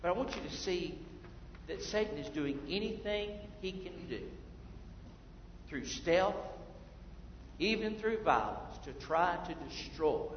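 A man preaching a sermon as pastor, swinging between hushed and loud passages. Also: sits high, lively intonation, measured pace, a little hiss or hum. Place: church sanctuary. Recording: echoey hall from far off, dull lo-fi.

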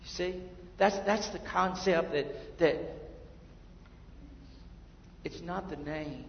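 A man preaching a sermon in an unhurried, measured way, with a gravelly edge to a fairly high voice. He drops into hushed asides, then swells into emphatic, rising lines. The sound is roomy with a long hall echo and a slightly dull tone. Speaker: pastor.

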